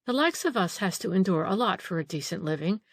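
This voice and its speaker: A woman's voice: fairly low pitch, animated, fairly quick, no echo. A woman reading an audiobook, voicing an old female housekeeper who grumbles, frets and takes offence easily. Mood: fretful.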